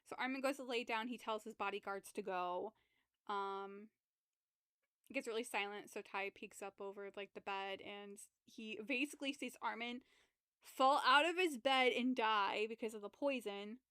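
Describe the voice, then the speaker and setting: A woman's voice: a little high, moderate pace, sharp tone, clear, resonant tone, dry recording, studio quality. A woman co-hosting a podcast, casually retelling a book's plot, rambling, swearing freely and acting out the characters' lines. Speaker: podcast co-host. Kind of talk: casual book recap chat.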